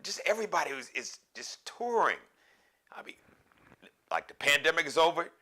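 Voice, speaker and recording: A man hosting a live show, talking in a loose, joking, rambling monologue with sudden animated bursts. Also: a little high, normal speed. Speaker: show host.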